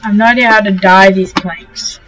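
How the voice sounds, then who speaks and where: A young woman hosting a casual let's-play, gushing and excitable as she talks to the animals in the game. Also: medium pitch, a little fast, poor audio. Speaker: gaming channel host. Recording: faint game music behind.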